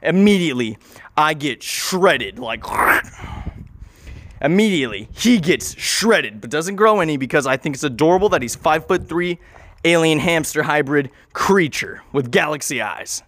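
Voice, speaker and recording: A man improvising an absurd story in a rambling, excitable way, swearing and acting out the scenes. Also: fairly high pitch, moderate pace.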